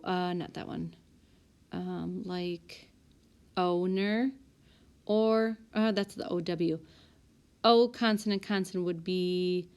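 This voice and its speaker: A woman teacher talks through a spelling list in an unhurried, deliberate way. Her voice sits a little low, and she pauses to correct herself as she sorts words. It sounds like a recorded lesson for a classroom group. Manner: calm, methodical, corrects herself aloud. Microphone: tablet microphone.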